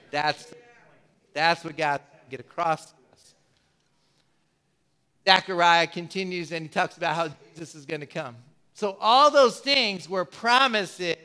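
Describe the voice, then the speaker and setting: A man's voice: sits high, bright, forceful tone, clean tone. A man preaching a sermon as pastor, emphatic and given to repeating words as he builds his points. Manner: emphatic, repeats words, acts out quoted voices.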